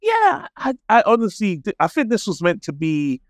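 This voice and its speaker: A man's voice: high voice, huge pitch swings, moderate pace, no room sound, studio quality. A man with a British accent, co-hosting a film podcast in a laid-back, casual chat that is peppered with swearing. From Britain. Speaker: podcast co-host.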